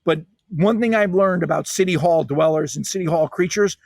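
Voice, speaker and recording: A man's voice: high-pitched, moderate pace, vocal fry, darkish tone, no room sound. A man, a guest author in a podcast interview, talking in an emphatic, punchy storytelling way.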